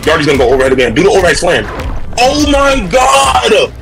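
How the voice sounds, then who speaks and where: Wearing a headset mic, a man delivers loud, heated live commentary on fighting-game matches, shouting often, repeating himself and trash-talking with profanity. His voice is high-pitched, fairly quick and creaky, and his excitable trash-talk keeps breaking into shouts.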